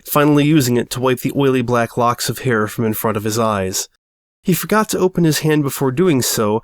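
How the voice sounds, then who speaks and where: A man's voice: medium pitch, dry recording, clean studio sound. A man narrating a story aloud with a wry, mock-dramatic delivery. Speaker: audiobook reader.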